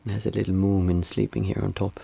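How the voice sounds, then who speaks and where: A man's voice: sits low, flat delivery, vocal fry, dark tone, husky. A man, a meditation teacher chatting casually and reflectively with viewers on a livestream. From Sweden. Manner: unhurried, reflective, reads out chat messages.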